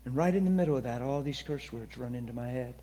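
A man preaching a testimony sermon, moving between hushed confiding and loud, excited preaching. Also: medium pitch, fast talker. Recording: long reverberant hall.

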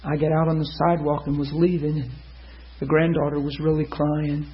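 A man preaching a sermon, telling a story and acting out the people in it with sudden loud high bursts. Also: little pitch movement, fairly quick. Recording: muffled lo-fi sound.

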